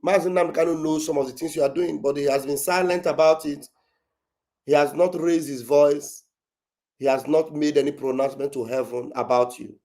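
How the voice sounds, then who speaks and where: A man's voice: medium pitch, dark tone. A man giving preachy political commentary.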